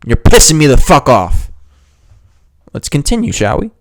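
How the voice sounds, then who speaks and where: A man's voice: mid-range voice, very animated, moderate pace, dry recording. A man hosting a gaming video, giving a heated, sarcastic and profane reaction rant. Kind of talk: ranting reaction commentary.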